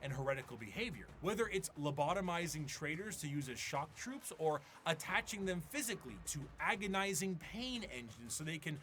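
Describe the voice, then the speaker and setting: Bright, lively male explainer narrator. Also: a little high, brisk, few pauses, slight background noise. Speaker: video narrator.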